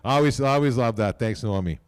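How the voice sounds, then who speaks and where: At a hall of fame ceremony, an older team owner gives a casual, rambling, folksy speech, frequently ending lines with "okay?". His mid-range voice is clear and resonant, and he talks fairly quickly.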